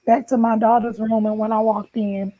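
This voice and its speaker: A woman's voice: a little high, flat delivery, moderate pace, dark tone, no room sound, rough recording. Heartfelt woman giving a tender testimony. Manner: heartfelt, tender, rising to pleading intensity; addresses listeners with "y'all". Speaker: guest sharing a personal testimony. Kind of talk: emotional testimony to friends.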